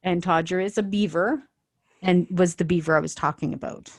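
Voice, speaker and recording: A woman's voice: on the low side, fairly even intonation, normal speed, dry recording, studio quality. A woman co-hosting a podcast in casual chat, blunt and joking, laughing often. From Canada. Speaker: podcast co-host.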